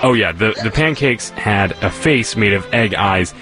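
A man with a lowish voice co-hosts a podcast and reads his script in a measured, explanatory way. Music plays clearly behind him. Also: lively intonation. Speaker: podcast co-host.

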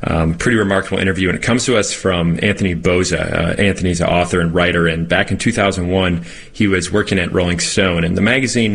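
Man, very deep voice, gravelly, casual podcast host, light music underneath. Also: a bit bright. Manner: casual, filler-heavy delivery. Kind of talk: podcast introduction.

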